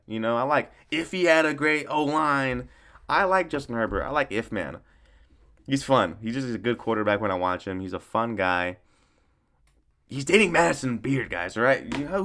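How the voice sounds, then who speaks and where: Young man, sports rant, lively up-and-down voice, swears a lot, rambles and corrects himself. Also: medium pitch. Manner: excitable outbursts. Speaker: sports commentator. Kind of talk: casual solo sports commentary.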